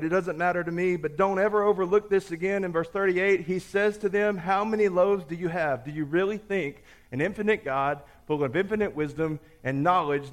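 A man preaching a sermon, telling a story with lively voices for the characters before turning to scripture. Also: sits high. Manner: animated storyteller, acts out the characters. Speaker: pastor.

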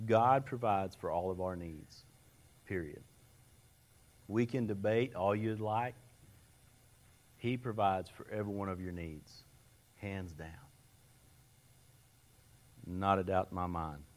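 A lower-pitched man preaches to a congregation. He tells folksy stories from his own life in an earnest way and often restarts his sentences. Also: slow, long pauses. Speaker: lay preacher. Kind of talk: sermon with personal stories.

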